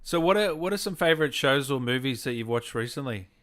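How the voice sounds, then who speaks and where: A man hosting a remote interview, eager and quick with short reactions. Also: mid-range voice, animated, fairly bright tone. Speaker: host. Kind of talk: casual interview chat. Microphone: video call.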